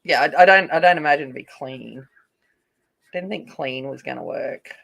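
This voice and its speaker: A woman's voice: low-pitched, moderate pace, vocal fry, a bit bright. An Australian woman hosting a coloring live stream, chatting casually and rambling while answering viewer comments. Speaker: coloring channel host.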